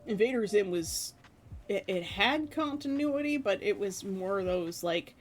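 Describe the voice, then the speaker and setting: A woman in her thirties chatting casually with her stream viewers, animated and laughing often. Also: mid-range voice, unhurried, faint music behind.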